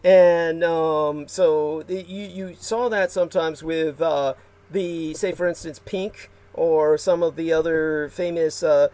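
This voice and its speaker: A man's voice: fairly high pitch, steady tone, slow, warm tone. A man hosting a casual livestream, rambling with many fillers and restarts and reading out viewer comments. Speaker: livestream host.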